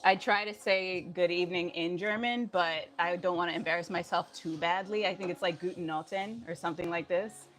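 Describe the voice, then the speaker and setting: A woman's voice: on the low side, steady tone, brisk, few pauses, a bit bright. Woman, fitness streamer, cheerful chat, slightly winded, faint music behind. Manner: upbeat, chatty, laughs often, greets viewers by name. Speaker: live-stream fitness instructor. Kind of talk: casual live-stream chat.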